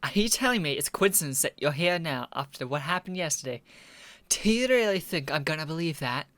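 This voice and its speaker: A man voicing a sharp, confrontational young woman basketball player who fires accusing questions. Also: a little high, expressive, a little fast, dry recording.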